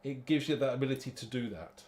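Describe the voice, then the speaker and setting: A man's voice: mid-range voice, fast talker, a little mellow. A man hosting a live card-making demo, chatty and rambling, thinking aloud and laughing at his own muddles.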